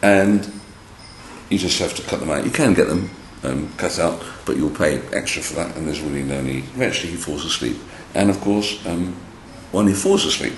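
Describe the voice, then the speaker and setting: A man's voice: low-pitched, moderate pace, gravelly. A man, a storyteller, chatting casually while he shows felt figures and tells a children's story indoors. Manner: chatty, animated, addresses children. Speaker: storyteller demonstrating felt boards. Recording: roomy echo, faint background hiss.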